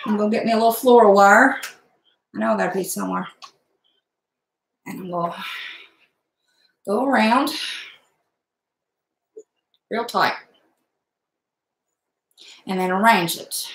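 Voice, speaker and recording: A woman's voice: mid-range voice, unhurried, gravelly, long pauses. A middle-aged woman chatting casually while she makes a wreath at home, blunt and talkative with mild cursing. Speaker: crafting vlogger. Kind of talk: casual crafting livestream chat. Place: home room, indoors. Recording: echoey room sound.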